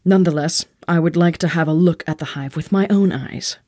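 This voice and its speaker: A woman voicing a male emperor who speaks firmly and with quiet authority. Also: deep voice, no echo, studio quality. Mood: stern. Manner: firm, measured, authoritative. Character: stern male emperor, commanding.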